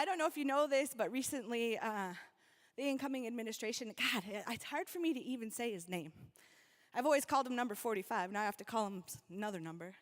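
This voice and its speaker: Animated woman speaking at a rally. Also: high voice. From North Dakota. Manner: animated, calls out to the crowd, leads the audience through a reflection. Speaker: event speaker. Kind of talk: rally speech.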